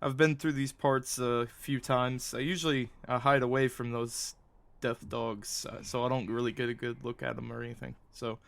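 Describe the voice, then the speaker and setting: Hesitant male player, smooth mid voice. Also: medium pitch, flat delivery, moderate pace, a bit bright, no echo. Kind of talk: playing a character in a tabletop game.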